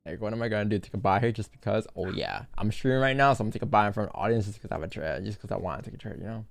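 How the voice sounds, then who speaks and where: A man's voice: fairly low pitch, racing, creaky, faint music behind. A young man hosting a live trading stream, chatting casually and directly to his viewers in a laid-back way. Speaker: livestream trading host. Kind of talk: casual livestream chat.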